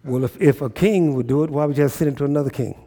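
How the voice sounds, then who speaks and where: A man's voice: fairly high pitch, very fast, warm tone. A pastor preaching a sermon, emphatic, repeating phrases and checking in with his listeners.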